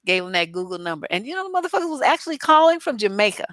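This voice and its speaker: A woman's voice: mid-range voice, sing-song, very fast, a bit bright, no room sound. A woman relationship coach answering viewer questions on a live stream in a blunt, profane, acerbic way, full of asides and mock dialogue. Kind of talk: live-stream advice chat.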